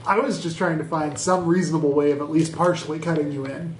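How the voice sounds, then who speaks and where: Guy w slightly high voice, rambly player, echoey room, clear hiss behind. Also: fairly even intonation, quick pace. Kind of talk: casual tabletop game chat. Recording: roomy with clear background noise.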